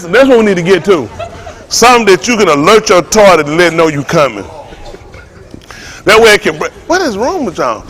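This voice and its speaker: A man preaching to a congregation in a joking, storytelling way, laughing and shouting often. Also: sits high. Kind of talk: comic sermon talk to a congregation.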